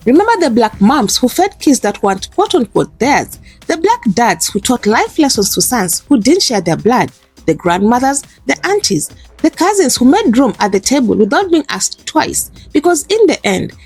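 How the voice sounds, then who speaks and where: A woman reading a scripted narration in an earnest, measured way. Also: fairly high pitch, sing-song, a little mellow, slightly rough, faint music behind.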